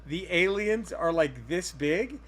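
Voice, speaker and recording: A man's voice: sits high, animated, takes it slowly, a bit bright. A man hosting a podcast in casual chat, rambling and profane as he tells a story. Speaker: podcast host.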